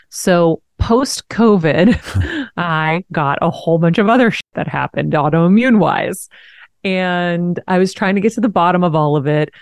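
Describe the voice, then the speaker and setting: Frank, animated woman host. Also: sits low, no room sound, clean studio sound. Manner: frank, animated, swears and laughs while telling hard news. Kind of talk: candid conversational storytelling.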